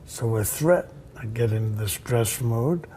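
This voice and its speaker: Slow, mellow-voiced older man telling stories. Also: medium pitch, slight background noise. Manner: reflective, acts out the people in his anecdotes. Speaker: tennis coach and interview guest. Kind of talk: storytelling in a conversation.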